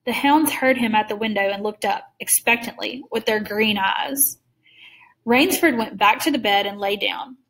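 A woman reading a story aloud in a measured way, slowing down for suspense. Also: medium pitch, fairly bright tone, recorded from a distance. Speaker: reader. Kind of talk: read-aloud story narration.

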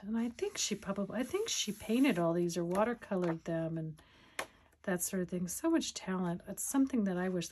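Over slight background noise, a woman with a mid-range voice chats casually in a crafting vlog. She rambles and giggles through a show-and-tell of her finds.

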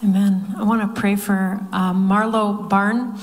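A woman minister praying over named people with earnest, steady intercession. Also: medium pitch, a little slow, a little hiss or hum. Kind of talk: intercessory prayer. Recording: long hall reverb.

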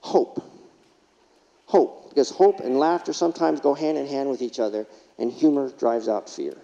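A man's voice: mid-range voice, moderate pace, gravelly, dark tone. A man delivering a keynote speech at a conference, telling funny anecdotes and asking the audience rhetorical questions. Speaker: keynote speaker. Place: large conference hall. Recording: distant, dull hall reverb.

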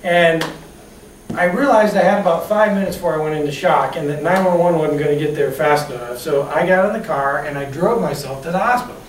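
A man's voice: fairly high pitch, a little fast. A man giving a motivational talk on customer service, telling personal stories and asking the audience questions, recorded from a distance in a room. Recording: echoey room, distant mic, faint hiss.

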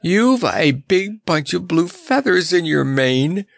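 A man's voice: mid-range voice, sing-song, normal speed, a bit bright, no room sound, studio quality, voice pushed up. A man voicing an earnest, nervous clown who speaks in a rueful, pleading way. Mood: anxious.

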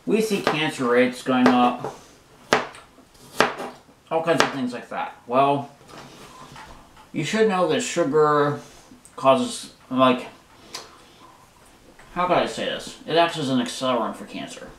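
A man's voice: medium pitch, expressive. Rambling man in an echoey kitchen. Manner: frustrated, rambling, halting with many fillers. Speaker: vlogger. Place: home kitchen. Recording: echoey room, mic far off, loud kitchen noise. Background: dishes, pots, pans and drawers clattering.

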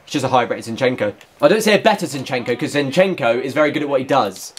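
A man giving gameplay commentary as a gaming YouTuber, excitable and shouting at the game. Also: medium pitch, quick pace.

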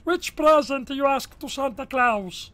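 An Italian man putting on a strange high voice in game chat, speaking slow, broken English and repeating his words. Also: fairly bright tone. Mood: pleading. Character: man with strange squeaky high voice, pleading and earnest. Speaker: gaming YouTuber. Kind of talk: prank voice in online game chat.

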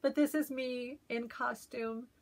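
A woman's voice: on the high side, fairly even intonation, takes it slowly. A middle-aged woman chatting casually in a show-and-tell vlog about stitching gifts, effusive and full of fillers, filmed at home. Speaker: cross-stitch vlogger. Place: at home, in a messy room. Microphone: camera she turns around while talking.

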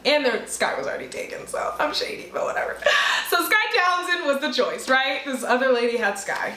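A woman's voice: a little high, a little fast, hardly any pauses. A young woman, a singer and comedian, talking candidly about her name in an interview, acting out the people she quotes. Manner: animated, acts out quoted people. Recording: roomy echo.

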